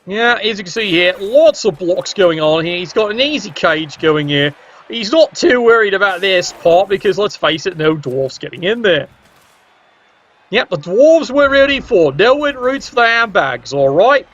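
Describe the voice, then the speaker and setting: A man's voice: high-pitched, sing-song, normal speed, a bit bright, lo-fi sound. A man giving casual, chatty commentary on a tabletop-style video game, joking with viewers in the chat.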